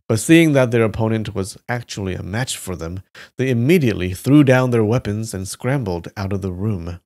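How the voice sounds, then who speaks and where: A man reading a story aloud on a live stream with steady delivery. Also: fairly low pitch, normal speed. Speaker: live reader.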